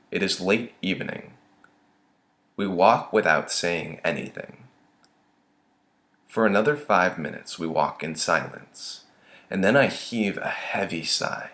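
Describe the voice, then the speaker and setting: Brief: young male author reading his short story, low-pitched, lively and expressive. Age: young adult. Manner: expressive, dramatic swings in tone.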